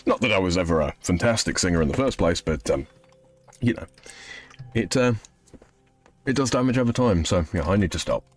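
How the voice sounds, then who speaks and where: A man's voice: low-pitched, animated, fairly quick, pauses often, faint music behind. A man in his thirties streaming a game, casually rambling as he reads chat messages aloud and answers them. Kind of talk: casual live-stream chat while gaming.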